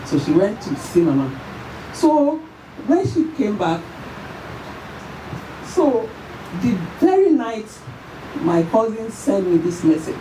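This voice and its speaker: A Nigerian woman giving an emotional tribute at a memorial service, her voice shaking as she tells the story in halting, repeated phrases. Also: mid-range voice, very animated, warm tone. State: tearful, voice shaking. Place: church or event hall at a memorial service. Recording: echoey hall, far from the mic, faint noise.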